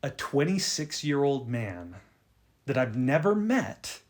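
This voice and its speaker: A young man hosting a video on writing, telling an embarrassing story in an animated, self-deprecating way with frequent restarts. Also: medium pitch, slow pace, background noise. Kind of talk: casual storytelling to camera.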